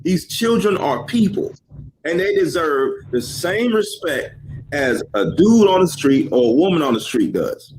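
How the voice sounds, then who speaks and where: A man delivers earnest, lecturing commentary to viewers in an online video. His pitch swings widely from line to line as he acts out the quotes. Faint noise is heard behind him. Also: big pitch swings, a little slow, a little mellow, rough recording.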